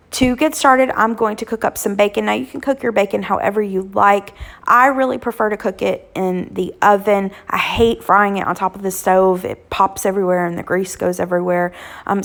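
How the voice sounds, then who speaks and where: A woman in her thirties or forties, a cooking channel host, hoarse from illness, chatting casually with lots of ums as she walks through weeknight dinners. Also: mid-range voice, a bit bright. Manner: chatty, homey, frequent "um" fillers. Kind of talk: casual cooking vlog narration.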